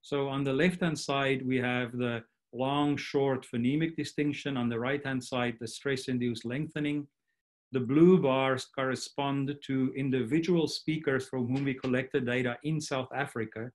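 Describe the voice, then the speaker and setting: A man delivers an academic lecture over a computer mic on a video call. He explains at an even, methodical pace, with a middle-pitched voice and the occasional restart. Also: unhurried. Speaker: linguistics lecturer. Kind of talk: academic online talk.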